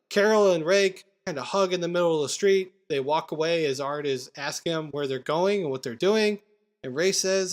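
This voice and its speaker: Man, podcast co-host, casual film chat, fairly high voice, quick recaps. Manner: recaps scenes, acts out quotes. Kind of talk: casual movie review chat.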